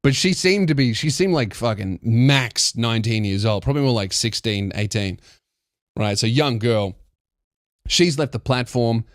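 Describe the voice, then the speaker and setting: A man's voice: medium pitch, lively intonation, normal speed, no echo, studio quality. A man who hosts a podcast, telling a comedic story in a heated, profane way with frequent restarts. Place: podcast studio.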